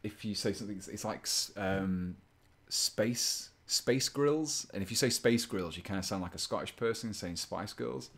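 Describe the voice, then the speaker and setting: A very low-pitched man talks into a desk microphone as he paints on a live stream. He thinks aloud in a loose, rambling way. He keeps teasing himself in a playful tone. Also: quick pace, creaky, hardly any pauses, a bit bright, husky. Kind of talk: casual live-stream chat.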